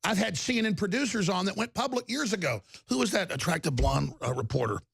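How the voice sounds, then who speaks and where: A man hosting a talk show, delivering an angry, insulting rant that breaks into shouting. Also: high voice, lively intonation, fast talker, vocal fry, husky, no room sound, studio quality. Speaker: talk radio host. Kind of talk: ranting talk show monologue.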